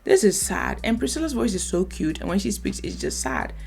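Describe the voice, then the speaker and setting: A woman's voice: medium pitch, fairly quick, gravelly. A woman hosting a reaction video, commenting in an emphatic, opinionated way. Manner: emphatic, opinionated, lively asides.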